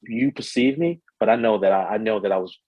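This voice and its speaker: Male panelist, low and husky, steady, reflective, dry recording. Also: brisk, no echo, dull audio. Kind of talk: panel discussion.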